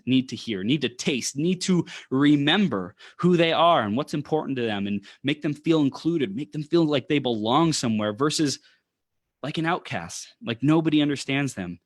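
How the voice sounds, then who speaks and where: A man's voice: mid-range voice, animated, normal speed, no room sound. A man talking as a podcast guest in an enthusiastic, motivational way, often repeating himself for emphasis. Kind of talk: enthusiastic casual chat.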